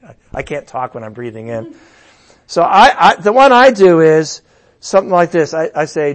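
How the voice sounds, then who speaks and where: A middle-aged man preaching as a pastor in a conversational way, breaking into loud emphatic bursts. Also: fairly high pitch, lively intonation, moderate pace. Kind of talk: sermon.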